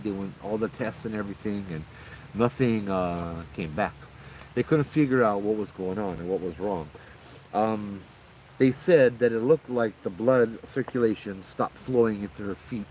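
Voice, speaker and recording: A man with a lowish voice tells ghost stories in an easygoing, rambling way, slipping quotes of other people into the flow. A faint hiss sits under the recording. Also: a little mellow, low-quality recording. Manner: rambling, conversational, quotes others in quick asides. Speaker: storyteller host. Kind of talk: casual ghost story telling.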